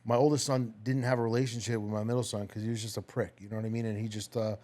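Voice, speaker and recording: Fast-talking middle-aged man, blunt and profane. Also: lowish voice, flat delivery, warm tone. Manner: fast, blunt, swears freely. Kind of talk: candid podcast conversation.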